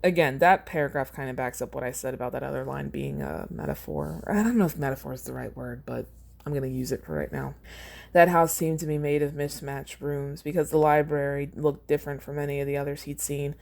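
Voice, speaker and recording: A woman's voice: low-pitched, steady tone, brisk, gravelly, darkish tone. A woman hosting a podcast, reading her own fan fiction aloud and chatting casually about it, laughing at her own lines.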